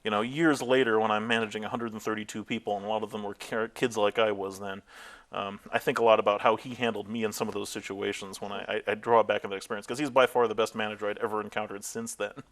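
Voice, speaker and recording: Low-voiced man telling lively stories. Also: quick pace. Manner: animated storyteller, acts out quotes, laughs often. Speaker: interviewee, tech founder. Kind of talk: oral history interview.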